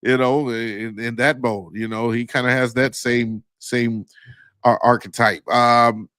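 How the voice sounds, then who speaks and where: A man's voice: mid-range voice, steady tone, unhurried, a bit bright, clear, resonant tone, no echo. A man co-hosting a casual sports talk show, upbeat and hopeful as he makes his case. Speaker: sports podcast co-host.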